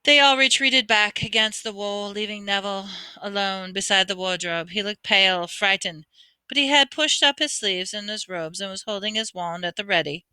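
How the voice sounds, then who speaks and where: A woman's voice: medium pitch, moderate pace, sharp tone, clear, resonant tone, dry recording. A woman reading a novel aloud, often stumbling over words and correcting herself. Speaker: audiobook reader.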